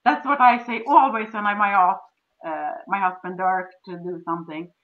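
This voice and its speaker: Faint music plays behind a Swedish-accented woman whose mid-range voice holds a steady tone at normal speed. She's a relationship coach explaining step by step in instructional conversation, acting out dialogue with sweet cooing voices, and the lo-fi sound is dull.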